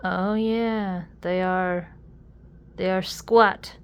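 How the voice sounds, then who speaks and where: A young adult woman chatting casually while unboxing a fidget toy, easily amused and quick to exclaim. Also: mid-range voice, fairly even intonation, smooth.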